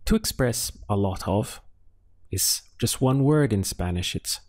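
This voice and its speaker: A man teaching a language lesson step by step, patiently asking questions, pausing for answers and sounding out syllables. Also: lowish voice, lively intonation, darkish tone. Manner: patient, asks questions then pauses for answers; spells out syllables slowly. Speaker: Spanish teacher.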